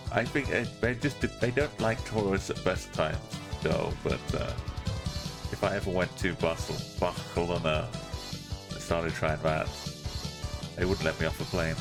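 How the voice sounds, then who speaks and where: A low-voiced man streams live, half talking to himself as he works through the game. He greets viewers by name in a loose, chatty way. A little music plays softly behind him. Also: measured pace, vocal fry. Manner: muttering directions to himself, then greeting viewers. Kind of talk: live stream chat while playing.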